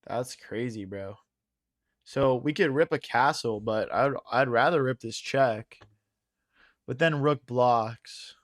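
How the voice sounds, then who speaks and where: A man's voice: medium pitch, slow, dry recording, clean studio sound. A young man streaming chess, thinking aloud in a chatty way and talking to his viewers, his voice strained from long hours of streaming. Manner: thinks aloud, chatty, addresses chat as guys. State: losing his voice. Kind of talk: casual live-stream commentary.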